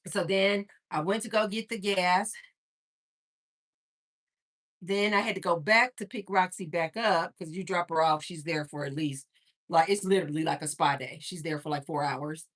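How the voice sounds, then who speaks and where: A woman hosting a casual livestream, chatting with viewers and telling stories in an animated way. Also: lowish voice, moderate pace. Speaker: livestream host.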